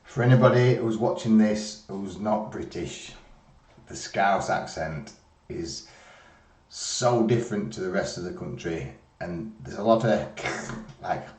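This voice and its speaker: Male reaction host, rambling and low; roomy room, off-mic. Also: animated, a little slow, a little mellow, far from the mic. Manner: rambling, laid-back, restarts. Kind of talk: casual chat.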